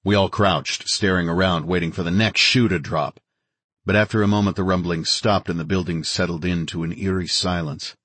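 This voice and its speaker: A man narrating an audiobook in a steady, dramatic reading of scripted narration. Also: low-pitched, normal speed, husky, dry recording.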